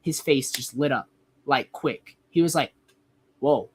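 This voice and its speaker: A wrestler in his twenties, appearing as a guest, tells a casual story in a husky, medium-pitched, unhurried voice. He rambles and says "like" constantly.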